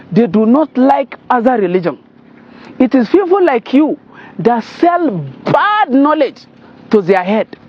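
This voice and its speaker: A Nigerian man with a very high voice that swoops up and down as he scolds. His tone is indignant and his words come in bursts. The sound is dull and lo-fi. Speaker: political commentator. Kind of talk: commentary translating a clip.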